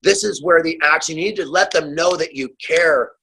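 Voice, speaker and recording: Man, husky voice, impassioned guest, urgent, fiery, addressing listeners, remote call audio. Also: fairly high pitch, moderate pace, sharp tone, poor audio. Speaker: guest author. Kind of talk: impassioned advocacy talk.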